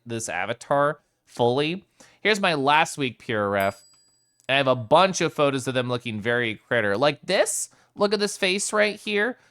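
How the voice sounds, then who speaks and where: Giggly and playful, a male streamer chats with his live audience and calls out viewers by name. He has a smooth, resonant, slightly bright voice whose pitch swoops up and down a lot.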